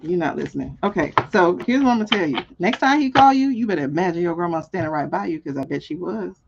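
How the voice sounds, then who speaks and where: A woman hosting a live tarot reading stream, chatting casually with viewers, animated and laughing often. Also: fairly low pitch, fast, lo-fi sound, noisy background. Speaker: tarot reader and stream host.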